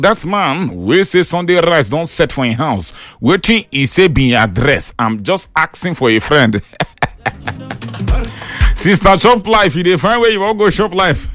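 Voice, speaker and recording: A male radio host with a Nigerian Pidgin accent, reading out listener messages and greetings on a call-in show with loud exclamations and laughter. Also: fairly high pitch.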